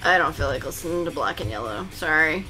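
A woman hosting a live trading card break, reading out each pull in a steady rundown and gasping and squealing over the good ones. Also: low-pitched, fast talker, over music. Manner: reads out names in a steady rundown. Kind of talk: live stream commentary.

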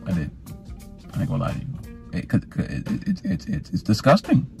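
A man vlogging as a sports fan in a casual rant, animated, repeating and stumbling over his words. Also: mid-range voice, a little fast, creaky, soft background music. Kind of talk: casual ranting vlog.

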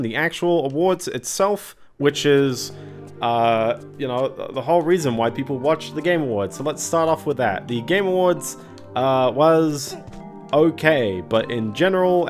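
A man streaming a video game, talking casually and thinking aloud as he plays. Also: fairly high pitch. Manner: rambling, thinking aloud while playing. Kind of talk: casual gameplay commentary.

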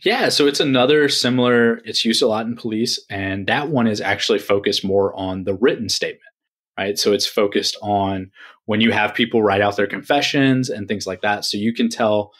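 A man's voice: on the low side, moderate pace, a bit bright. A man from Texas, a guest in a casual interview, explaining at length and often checking in with "right?". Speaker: guest, engineering manager.

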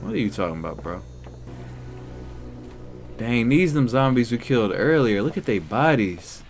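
A young man giving let's play commentary, loud and excitable, talking back to the characters on screen. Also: medium pitch, moderate pace, slight background noise. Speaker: gaming YouTuber.

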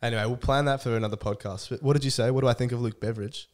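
A man's voice: medium pitch, fairly even intonation, very fast. A young man co-hosting a sports podcast, bantering in a wry, teasing way. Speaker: podcast co-host. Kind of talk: casual banter.

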